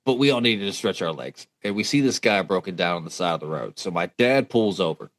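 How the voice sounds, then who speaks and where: A man's voice: deep voice, lively intonation, a little fast. A man in his thirties from West Virginia, telling a road trip story in casual podcast chat, laughing and restarting as he goes. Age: 30s. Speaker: podcast co-host.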